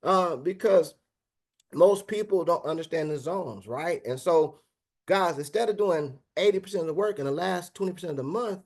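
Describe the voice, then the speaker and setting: A man giving a high-energy motivational business presentation over an online meeting. He talks casually, calling out "man" and "guys" and checking in with "right?" after nearly every point. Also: normal speed. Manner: high-energy, keeps asking the audience "right?".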